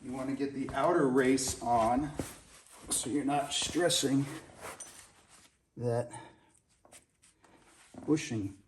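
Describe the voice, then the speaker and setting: A man's voice: mid-range voice, steady tone, slow pace, pauses often, slight background noise. A man working on a car and talking through the repair to the camera in a folksy, casual how-to style. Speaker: home mechanic.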